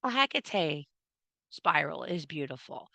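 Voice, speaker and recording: A woman leads a casual witchcraft class in a bright, forceful voice, pitched a little low. She is blunt and playful, swears freely and laughs often. Her voice sounds dry and close, with no room echo. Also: big pitch swings, measured pace, creaky. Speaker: witchcraft teacher.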